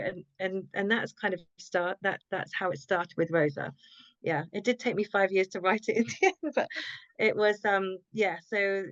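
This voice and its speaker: A woman, a guest author telling a personal story in a reflective, halting way and often quoting her own thoughts. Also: medium pitch, steady tone, a bit bright, no room sound. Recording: dull lo-fi sound, dry.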